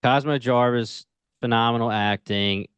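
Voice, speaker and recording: A man co-hosting a casual TV review podcast, retelling scenes in an animated, slangy way. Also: medium pitch, unhurried, clean tone, dry recording. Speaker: podcast co-host.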